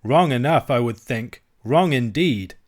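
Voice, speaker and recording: A man reading aloud, voicing a fierce, roguish Highland outlaw with a Scottish accent, gruff and blustering. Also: expressive, moderate pace, lightly acted. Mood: furious. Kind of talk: audiobook reading.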